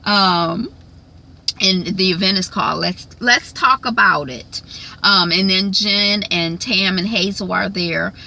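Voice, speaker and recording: A woman's voice: mid-range voice, takes it slowly, vocal fry, bright, forceful tone, poor audio. A woman casually recapping a reality TV episode, chatty with lots of ums and frequent laughs. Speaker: recap vlogger.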